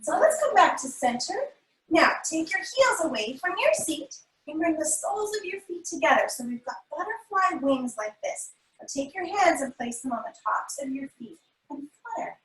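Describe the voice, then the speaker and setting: Her voice sits high with a fairly bright tone as she guides a kids' yoga class for families, offering playful, encouraging sing-song cues. The room is echoey and she's heard from a distance.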